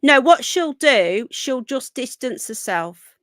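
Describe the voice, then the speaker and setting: A British woman runs a live stream in a high, animated voice, speaking slowly with a bit of brightness. She reads comments in a casual, rambling way and talks to viewers by name, recorded at studio quality with no echo.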